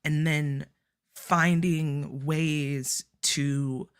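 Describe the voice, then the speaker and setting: A woman on a convention panel telling a personal story in a slow, heartfelt way. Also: deep voice, steady tone, clean tone.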